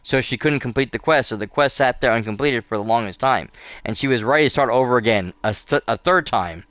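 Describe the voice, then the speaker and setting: Smooth-voiced man chatting over a game. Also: mid-range voice, a little fast, fairly bright tone, no echo. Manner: rambling and chatty, with many fillers and restarts. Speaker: gaming channel host. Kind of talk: casual let's play commentary.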